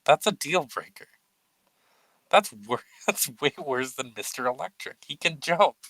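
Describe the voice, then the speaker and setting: A man's voice: a little high, expressive, a little slow, fairly bright tone, dry recording, low-quality recording. A man co-hosting a casual, unedited podcast chat. He swears freely, laughs at himself and launches into mock-grandiose tributes. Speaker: podcast co-host.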